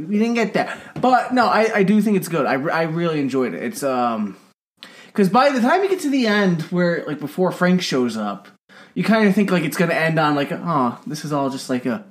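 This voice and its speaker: A man on a film podcast, speaking a little higher than most men. He talks loosely and swears freely. His talk stays casual and joking. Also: sing-song, brisk. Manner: loose and profane, acts out mocking quotes. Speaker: podcast co-host.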